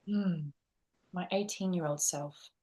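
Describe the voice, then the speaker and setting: A woman's voice: on the low side, slow. A British woman, an actress and teacher, chatting as a podcast guest and telling stories animatedly with plenty of fillers. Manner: animated storytelling with many fillers. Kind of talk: casual interview chat.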